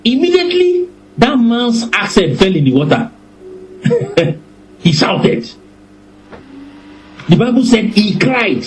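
A man preaching a sermon with a high voice that swoops widely up and down. He takes his time, stretching out his phrases and letting his points land slowly. His delivery is lively and warm, with laughter breaking through now and then. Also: a little hiss or hum, poor audio. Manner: animated, deliberate, breaks into laughter.

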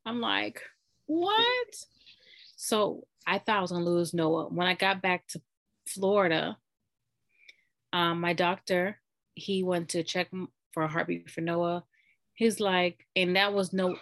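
A woman's voice: fairly low pitch, flat delivery, a little slow, a bit bright. A woman in a casual chat, telling a heartfelt personal story in a rambling way with lots of "like".

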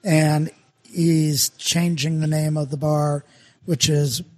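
A man's voice: a little high, little pitch movement, slow, a little mellow, dry recording. A middle-aged man from Minnesota, a brewer guest chatting casually and telling rambling, self-deprecating stories with lots of fillers. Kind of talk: casual podcast chat.

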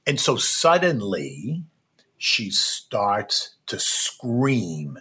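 A man's voice: mid-range voice, very animated, slow, bright, forceful tone, husky. A man recounting a personal experience in an emphatic, repetitive way, often tagging his sentences with "right?". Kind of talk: personal storytelling.

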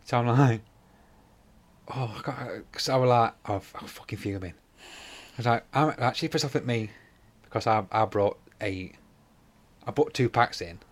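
A man with a mid-range voice co-hosts a podcast, speaking at a measured pace with long pauses. In casual chat, he tells rambling anecdotes packed with heavy swearing and acts out the dialogue himself.

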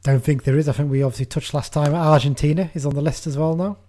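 A man hosts a casual football podcast, rattling along at a brisk pace. His voice is dark and mellow, and he sounds chatty and upbeat, quick to laugh. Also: fairly high pitch, fairly even intonation. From England. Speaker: podcast host.

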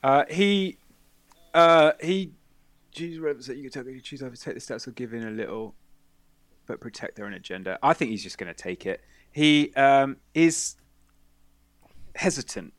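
A man's voice: medium pitch, normal speed, pauses often, no room sound. A man narrating a tabletop role-playing game as game master, telling the scene with laughs. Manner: laughing, animated storytelling.

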